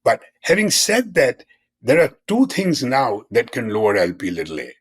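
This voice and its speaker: A man's voice: mid-range voice, wildly swooping pitch, normal speed, husky. An older man in his seventies, a physician guest in a conversational interview, who explains in an earnest way and repeats key terms.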